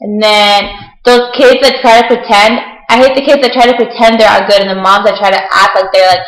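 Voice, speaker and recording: A woman's voice: mid-range voice, fairly even intonation, fairly quick. Young woman ranting bluntly, echoey room. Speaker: vlogger. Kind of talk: casual rant.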